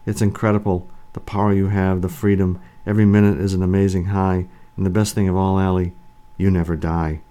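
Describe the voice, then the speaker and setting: A man voicing an undead male vampire lover who speaks in a calm, low, intimate way. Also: fairly quick, natural voice. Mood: eerie.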